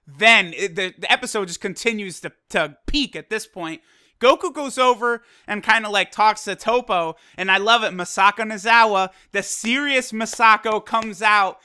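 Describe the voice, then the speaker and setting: A man giving an excited, casual, profane review of an anime episode, retelling scenes as a fan. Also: high-pitched, moderate pace, clear, resonant tone.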